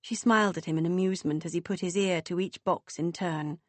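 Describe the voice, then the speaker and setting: A woman's voice: fairly low pitch, fairly quick, no room sound. Woman reading an audiobook, dry close sound. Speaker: audiobook narrator. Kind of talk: scripted audiobook narration.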